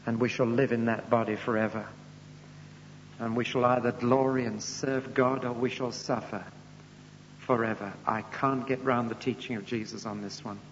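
A man with a mid-pitched voice preaches in a solemn, emphatic way, swinging from hushed gravity to loud, rising peaks. The recording is muffled and lo-fi, with a long echo from a large hall and a faint hum underneath. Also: level tone, moderate pace. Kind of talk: sermon. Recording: reverberant hall, dull lo-fi sound with faint hum.

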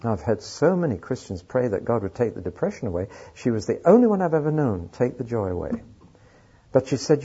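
A man's voice: mid-range voice, big pitch swings, fairly quick, warm tone, slightly rough. A man preaching a sermon, telling stories with dry humor. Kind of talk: sermon with anecdotes. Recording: dull lo-fi recording.

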